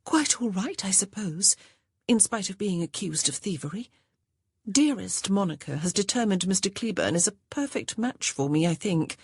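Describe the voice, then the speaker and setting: A woman voicing a composed young gentlewoman who speaks firmly and reassuringly to her sister. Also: mid-range voice, expressive, moderate pace, slightly rough, no echo, clean studio sound, pitched above the performer's own voice.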